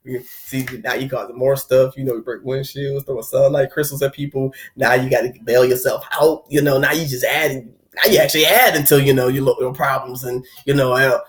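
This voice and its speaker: Young man, casual talk, average pitch, conversational, slips into acted inner voices. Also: fairly even intonation, a little fast. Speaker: spiritual video host. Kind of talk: casual spoken talk on heartbreak.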